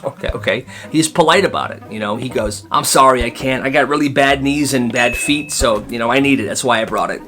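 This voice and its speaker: A man's voice: mid-range voice, brisk, few pauses. A man narrating comedic storytime skits with sarcastic asides and voices for the people in them. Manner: animated, sarcastic commentary.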